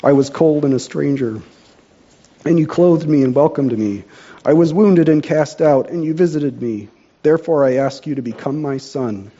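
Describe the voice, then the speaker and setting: A man's voice: mid-range voice, warm tone, lo-fi sound, lightly acted. A man voicing a stern, just old king in a storybook reading, speaking in a solemn, commanding way.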